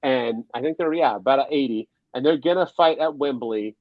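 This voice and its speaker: An excitable male podcast co-host chatting casually and firing off question after question. His voice sits at an ordinary middle pitch. The recording is dry and muffled, with little room sound. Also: no room sound. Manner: excitable, rapid-fire questions, says "baby" often. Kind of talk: casual chat. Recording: dull lo-fi sound.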